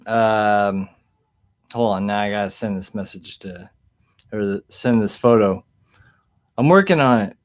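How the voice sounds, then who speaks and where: With a fairly low voice, a man takes his time and pauses often while chatting on a livestream and going through the chat. He's laid-back and rambling, chuckling frequently, and the sound comes from an indoor webcam mic.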